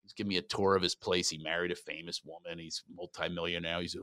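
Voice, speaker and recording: A man with a bright, forceful voice in the middle of the pitch range, chatting in an interview. He tells stories with lots of energy and laughs often. The sound is dry and close. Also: quick pace, dry recording. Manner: animated storyteller, laughs often. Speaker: comedian and coach. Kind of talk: casual interview chat.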